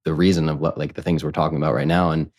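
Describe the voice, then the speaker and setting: A man in his thirties, a podcast guest, telling a personal story in casual conversation, candid and animated, acting out what others said. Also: very deep voice, very fast. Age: 30s. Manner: candid, animated, quotes people in lively voices.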